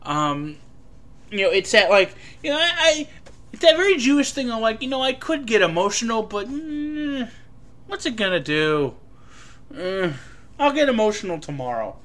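A man giving a casual, rambling film review, full of fillers and an animated delivery. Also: high-pitched, moderate pace.

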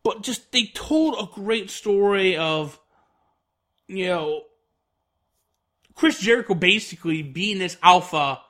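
A man's voice: sits high, lively intonation, slow pace, pauses often, a bit bright. A man giving an enthusiastic, rambling spoken review, full of fillers. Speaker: wrestling reviewer.

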